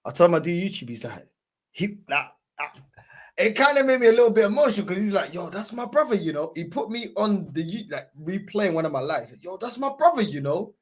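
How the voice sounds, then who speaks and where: A man telling a story in casual chat, animated and laughing, with a lot of slang. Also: high voice, a little fast.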